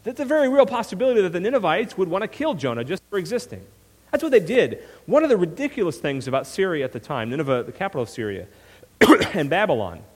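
A man preaching a sermon as pastor, telling the story with animated asides and frequent "right?" checks. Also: high-pitched, slightly rough. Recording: long reverb of a hall.

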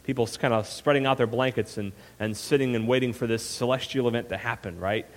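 A man preaching a sermon as pastor, telling the story with animated asides and frequent "right?" checks. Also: mid-range voice, fairly quick. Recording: long reverb of a hall.

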